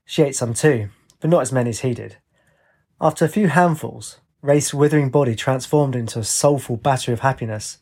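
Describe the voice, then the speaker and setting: A man narrating a story in a steady, plain reading voice. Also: medium pitch, brisk, slightly rough.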